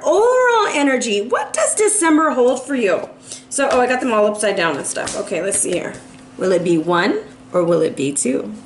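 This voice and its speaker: A woman's voice: a little high, slight background noise. A woman giving a monthly tarot reading to camera, chatty and emphatic, often checking in with her listeners. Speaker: tarot reader.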